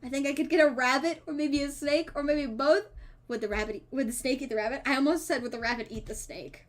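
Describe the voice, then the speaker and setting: A woman streamer reading a dating game's dialogue aloud, with playful asides and quick self-corrections. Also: high-pitched, fairly even intonation. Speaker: streamer playing a dating sim. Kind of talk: reading game text aloud with casual commentary.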